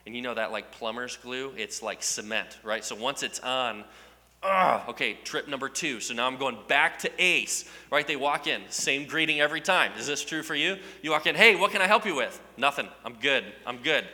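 Male storyteller, sharp bright tone, self-mocking, talks to the crowd, reverberant hall. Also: mid-range voice, moderate pace. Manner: animated, self-mocking, asks the audience questions. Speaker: speaker addressing a live audience. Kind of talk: humorous storytelling to an audience.

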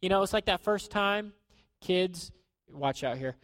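A man preaching a sermon in a conversational way, acting out quotes and dropping to a hushed tone at times. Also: high voice, lively intonation, a little slow, no echo. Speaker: pastor.

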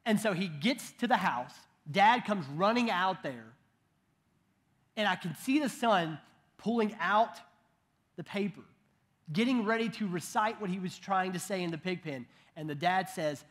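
A man in his thirties preaches with a notably high-pitched voice. He keeps it conversational, slipping in joking asides and restarting his sentences as he goes. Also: lively intonation, moderate pace, fairly bright tone. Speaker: pastor. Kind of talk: sermon.

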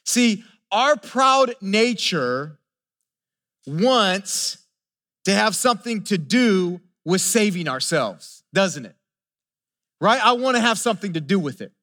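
Slow-paced and sharp in tone, a pastor's high-pitched voice swings widely as he preaches a sermon. He speaks earnestly, asks listeners rhetorical questions again and again, and stumbles over repeated words building his points.

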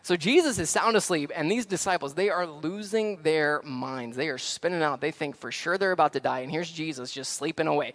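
A man preaching a conversational sermon as pastor, swinging from hushed reflection to loud, excited acted-out scenes. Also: on the high side, moderate pace, hardly any pauses.

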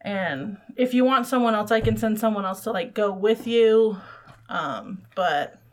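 A woman's voice: mid-range voice, unhurried. A woman narrating as game master in a casual tabletop game, hesitant with fillers.

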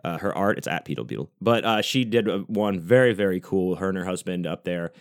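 Deep-voiced man rambling on his podcast. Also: a little fast, no room sound, clean studio sound. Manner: rambling, casually profane. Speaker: podcast host. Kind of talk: casual monologue.

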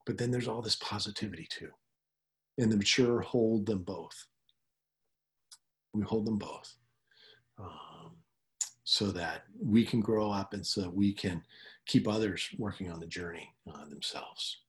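A middle-aged male pastor preaching, breaking into effusive, enthusiastic praise as members share. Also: fairly low pitch. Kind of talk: sermon with congregation sharing.

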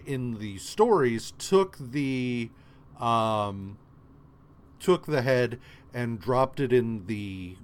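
A man co-hosting a podcast, casually retelling a story in a rambling, profane way with many fillers. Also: medium pitch. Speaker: podcast co-host. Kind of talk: casual comic recap chat.

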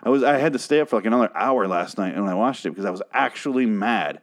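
A man's voice: fairly low pitch, expressive, fast talker. A man hosting a solo podcast, ranting about a TV episode in a profane, exasperated and sarcastic way. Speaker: podcast host reviewing a TV show.

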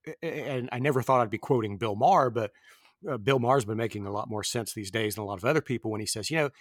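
A man in his fifties talks films on a podcast in a rambling, meandering way, full of fillers and restarts. His voice sits at a middling pitch, recorded close and completely dry. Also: fairly bright tone, no room sound. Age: 50s. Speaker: podcast host. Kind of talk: casual film discussion.

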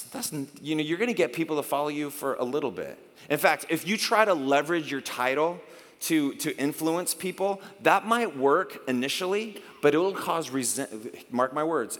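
A middle-aged pastor preaches in a loose, conversational way, often slipping into short acted-out exchanges. His voice sits a little high for a man. The sound carries a long hall reverb. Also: a bit bright. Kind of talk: sermon.

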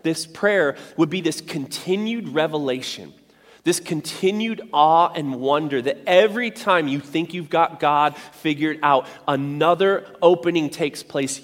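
A man preaching a sermon as pastor, conversational and animated, with playful asides. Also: on the high side. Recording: reverberant hall.

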